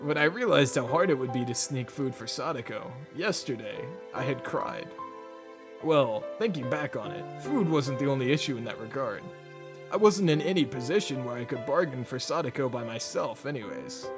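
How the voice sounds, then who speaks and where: A man's voice: mid-range voice, lively intonation, moderate pace, music in the background. A man reading a visual novel aloud to friends, laughing and swearing between lines. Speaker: reader voicing a visual novel.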